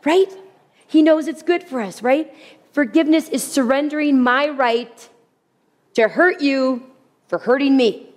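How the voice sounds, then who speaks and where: A woman preaching to a crowd in a large hall, her voice a little higher than most. She is animated and funny and repeats her key phrases for emphasis. A long reverb trails after her words. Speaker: women's speaker. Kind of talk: sermon.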